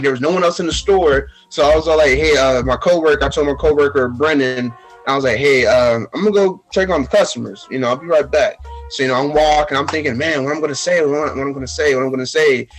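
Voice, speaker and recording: A man's voice: a little high, a bit bright, low-quality recording. A young man with a Texas accent, telling stories in a casual podcast chat, acting out quotes with many fillers and restarts. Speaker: podcast guest.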